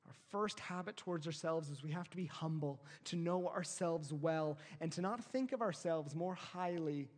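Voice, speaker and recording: High-voiced preaching man in a hall. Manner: earnest preaching that swells louder and slows on key phrases. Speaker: pastor. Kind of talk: sermon.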